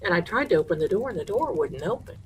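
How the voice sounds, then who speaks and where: A woman hosting a live show, telling a haunted house story with lively energy and acting out the people in it. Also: fairly low pitch, fast, slight background noise. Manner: animated, acts out the people in her story. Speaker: host.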